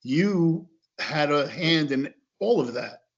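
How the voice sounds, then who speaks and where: A man's voice: a little high, animated, slow. A man hosting a fan podcast, asking loose conversational questions of his guest. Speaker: podcast host. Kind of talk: casual interview questions. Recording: muffled podcast audio.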